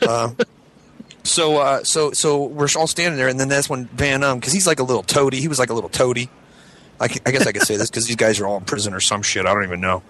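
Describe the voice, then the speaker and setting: A man's voice: mid-range voice, fast talker, rough recording. A man telling a profane story in casual chat, acting out what others said in a raised voice. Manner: animated, profane, acts out quoted lines in a raised voice. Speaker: show regular telling a story.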